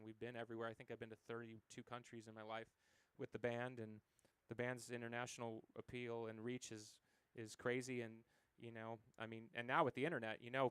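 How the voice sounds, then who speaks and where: A man's voice: medium pitch, fairly bright tone, clean tone, no room sound. A man in his forties from the United States, a musician telling stories as an interview guest, rambling with many fillers and acted quotes. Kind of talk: casual interview conversation.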